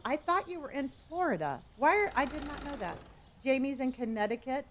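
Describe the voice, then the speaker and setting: A chatty streamer from Southern California, her voice slightly high, chats casually on a live stream. She reads viewer locations aloud with sudden excited gasps and talks to herself while playing a store game.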